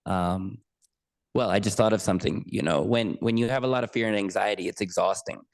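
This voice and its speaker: A man's voice: on the low side, brisk, creaky, dry recording. A man appearing as an anxiety coach on a podcast, speaking earnestly and reflectively with frequent restarts. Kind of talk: conversational interview.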